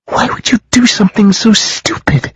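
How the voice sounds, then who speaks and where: A man voicing a distraught young woman who yells high and strained through her tears. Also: normal speed, husky, dry recording, studio quality. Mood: tearful.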